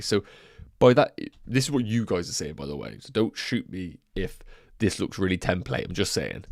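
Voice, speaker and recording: Congested man, lively chatter. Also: sits low, no room sound, clean studio sound. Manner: chatty, thinking aloud to viewers. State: congested nose. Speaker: fantasy football streamer. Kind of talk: casual livestream chat. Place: home room.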